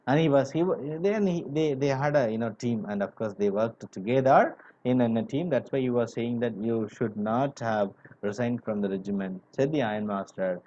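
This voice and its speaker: A man's voice: medium pitch, normal speed, mellow. A male teacher explaining a story line by line to his class, stopping to define words and using lots of "you know", heard in a dull, lo-fi recording. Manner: explains word by word, many "you know" fillers. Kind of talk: classroom literature lesson.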